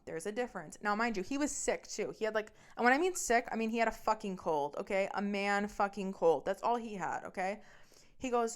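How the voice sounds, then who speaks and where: A young woman tells a story from her own life on her podcast, swearing freely and sounding fed up. Her voice is smooth and clear, with a mid-range pitch. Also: animated, fairly quick. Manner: profane, blunt and exasperated. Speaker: podcast host. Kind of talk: casual storytelling monologue.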